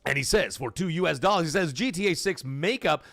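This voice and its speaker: A man's voice: a little high, animated, brisk, gravelly, over loud music. A man hosting a gaming livestream, talking to chat in an emphatic, blunt way with swearing. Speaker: gaming show host.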